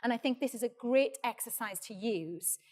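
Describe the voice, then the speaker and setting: Welsh actress coaching a drama class. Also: female voice, on the high side, normal speed, a little mellow. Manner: clear, encouraging, demonstrative. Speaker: actor leading a drama workshop. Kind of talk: practical teaching, giving instructions.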